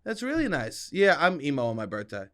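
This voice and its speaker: A man's voice: on the high side, wildly swooping pitch, a little fast, fairly bright tone. A young man co-hosting a comedy podcast, chatting casually, jokey and self-deprecating. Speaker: podcast co-host.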